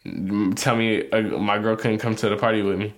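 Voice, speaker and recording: A man's voice: lowish voice, normal speed. Profane, blunt young man chatting. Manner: profane, blunt, animated when riled. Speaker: podcast co-host. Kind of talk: casual couple podcast chat.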